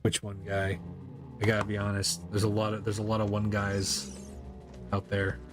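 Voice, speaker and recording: A man's voice: lowish voice, flat delivery, moderate pace, over music. Rambling, profane male game streamer. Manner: rambling, profane, frequent laughs. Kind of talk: casual chat while gaming.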